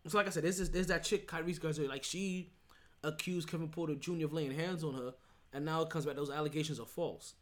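A man's voice: a little high, fairly even intonation, a little fast. Emphatic rambling podcast host, man. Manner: rambling, emphatic, frequent restarts and "right?". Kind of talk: casual sports talk.

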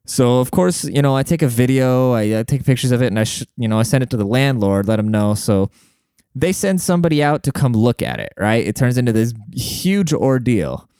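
A young man telling a long story to his viewers in a casual, profane, animated way, talking to them like a buddy. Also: medium pitch, fairly quick, clean tone, no room sound, studio quality. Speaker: vlogger.

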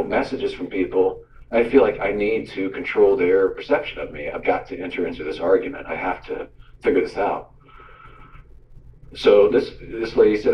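A man who works as a radio host gives a teaching talk, telling stories and acting out the voices in his quotes. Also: lowish voice. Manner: storytelling, animated, acts out quotes. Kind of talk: sermon-style teaching talk. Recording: roomy, distant, dull sound.

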